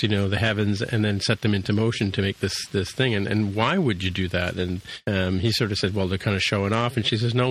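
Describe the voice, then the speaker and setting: A man's voice: lowish voice, a bit bright, low-quality recording. A man hosting a podcast, casually retelling a TV episode scene by scene, with lots of fillers and restarts. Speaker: podcast host recapping a TV episode. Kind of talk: casual chat.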